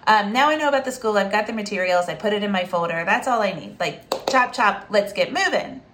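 A special education advocate tells a story in a casual monologue, her mid-range voice brisk. She's chatty, with lots of fillers and restarts, and she livens things up by acting out the voices of the people she quotes.

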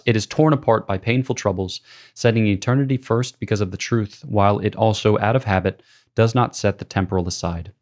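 A priest reads a spiritual classic aloud, his voice sitting a little low. His delivery is measured and solemn, like a scripted reading. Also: darkish tone.

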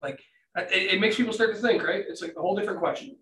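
A man's voice: sits high, fast, sharp tone. A man in his thirties, co-hosting a casual podcast chat, telling rambling stories and swearing freely. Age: 30s. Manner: rambling storyteller, swears freely, quotes others. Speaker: podcast co-host. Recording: roomy, distant from the mic.

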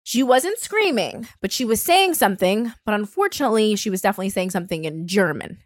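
A woman in her thirties telling a story in casual chat, animated and swearing freely. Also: medium pitch, fast talker, dry recording, clean studio sound. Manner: animated, swearing, voices others in quotes. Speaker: storyteller on a podcast.

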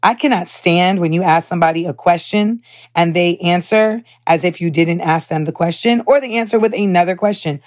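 Animated American woman podcast host. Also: on the low side, moderate pace. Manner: animated, heated retelling with swearing and asides. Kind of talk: casual storytelling monologue.

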